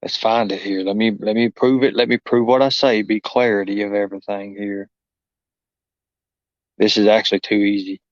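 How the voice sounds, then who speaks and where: A middle-aged Kentucky man hosts a casual livestream, rambling along in a folksy, exclaiming way. His voice is lowish with a flat delivery and a moderate pace. The audio is muffled and dull, with no room sound.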